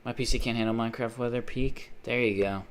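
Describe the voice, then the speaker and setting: A man's voice: mid-range voice, steady tone, fast talker. A man chatting casually with his live stream chat while gaming, joking and sarcastic.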